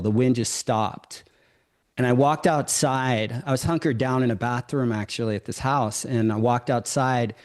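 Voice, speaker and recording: A man's voice: mid-range voice, a little mellow. A man, a yoga teacher hosting a podcast, tells a personal story in a reflective way, often stopping to reframe his thoughts.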